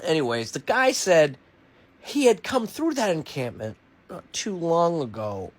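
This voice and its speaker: A man's voice: a little high, very animated, a little slow. A man telling a rambling, improvised comic story off the cuff. He swears freely, mocks himself and laughs between lines.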